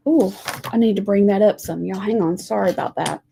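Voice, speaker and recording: A woman teaching a live lettering lesson, talking gently to viewers as she draws and reads scripture. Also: mid-range voice, creaky, a little hiss or hum. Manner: slow, gentle, talks to viewers while drawing.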